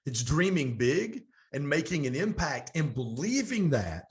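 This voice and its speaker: Energetic middle-aged man telling stories. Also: fairly high pitch. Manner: energetic, fast storytelling with animated quoted dialogue. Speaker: podcast guest, coach. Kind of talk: storytelling interview.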